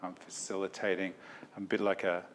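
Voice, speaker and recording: A man's voice: deep voice, level tone, fairly quick, a little hiss or hum. A man giving an academic talk, reflective and self-deprecating, in a lecture hall.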